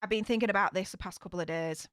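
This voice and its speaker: A woman's voice: medium pitch, very fast, fairly bright tone, smooth, no room sound, studio quality. A young woman with a broad Yorkshire accent, chatting frankly to her live-stream audience with lots of fillers and sighs. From Yorkshire, England. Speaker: YouTube streamer. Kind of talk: casual live-stream chat.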